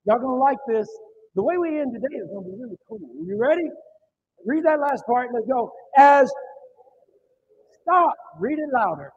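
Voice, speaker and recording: A man's voice: very high-pitched, lively intonation, fairly quick, slight background noise. A male pastor preaching a sermon in church, emphatic and calling on the congregation to answer back, in a dull, muffled recording.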